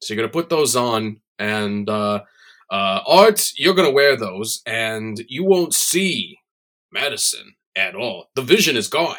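A man's voice: mid-range voice, very animated, measured pace, fairly bright tone. A man playing a boastful, crude Hollywood voice guru who rambles and drops names as a guest on an improvised comedy podcast. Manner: rambling, name-dropping, self-important.

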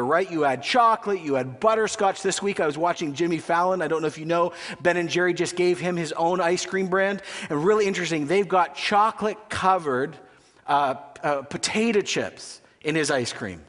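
A man's voice: sits high, fairly bright tone. A man preaching a sermon as a pastor, with a conversational, joking style and frequent questions to the congregation. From Canada. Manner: conversational and humorous, asks the audience questions. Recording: long reverb of a large hall.

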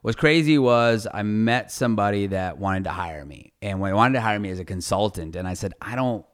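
A man, a lawyer, telling stories from his career in a casual, animated interview and swearing casually. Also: fairly low pitch, fairly quick. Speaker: guest, lawyer.

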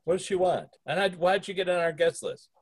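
Higher-voiced man joking as podcast host. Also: fairly quick, husky, no echo. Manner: joking and playful, often laughing. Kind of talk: casual chat.

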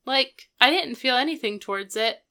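A woman's voice: high voice, lively intonation, normal speed, bright, forceful tone. A woman co-hosting a casual chat, recapping a TV episode and giving blunt, offhand opinions. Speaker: podcast co-host.

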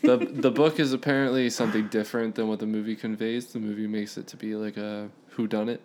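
A man's voice: lowish voice, flat delivery, fast, a little mellow, a little hiss or hum. A young man co-hosting a casual podcast, rambling with lots of "like" and "dude.". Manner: rambling, filler-heavy, says "like" and "dude". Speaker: podcast co-host.

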